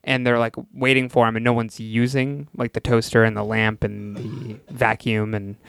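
A man co-hosting a casual podcast about movies, talking in a laid-back, halting way with frequent ums and laughs. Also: mid-range voice, level tone, vocal fry, a bit bright, clean tone, no echo, clean studio sound. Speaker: podcast co-host.

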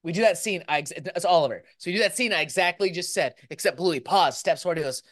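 A woman's voice: on the low side, quick pace, few pauses. A woman co-hosting a podcast in casual chat, playfully spinning absurd comic scenarios. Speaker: podcast co-host.

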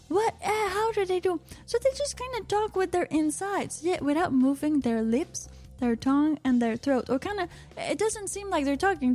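A woman's voice: sits high, darkish tone. A woman hosting a casual solo radio show, rambling and chatty, dropping frequent "uh-huh" and "mm-hmm" fillers.

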